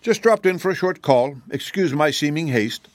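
An unflappable, kindly shaggy wanderer, as a man reading a storybook puts him on, speaking gently and solemnly. His voice is a shade higher than the reader's own and moves lively. The sound is dry and close. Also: normal speed, no echo, close to an everyday voice. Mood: breezy. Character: calm, cheerful, whimsical shaggy wanderer man. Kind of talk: audiobook character voice.

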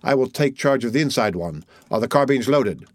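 A brisk, commanding police sergeant, voiced by a male narrator, barks out orders in an audiobook. The sound is dry and close, with no room echo. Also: medium pitch, lively intonation, lightly acted. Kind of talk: audiobook character voice.

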